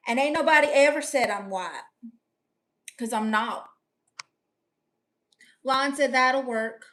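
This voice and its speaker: A young woman on a live stream reads out viewer comments and answers them with brash, sassy comebacks. Her voice sits high and bright, with a sharp, forward edge.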